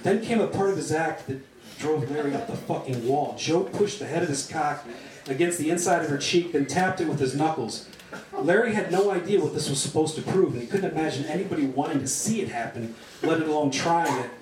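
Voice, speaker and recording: A man's voice: a little high, fairly quick, a crowd in the background. A man giving a live reading of crude comic fiction, delivered wryly. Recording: roomy sound from a distant mic.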